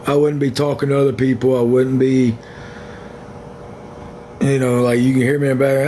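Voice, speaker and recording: A man with a medium-pitched, mellow voice hosts his own livestream, talking frankly, bluntly and ramblingly to viewers on a phone. He speaks at a moderate pace with fairly even intonation and long pauses, over a little hiss or hum.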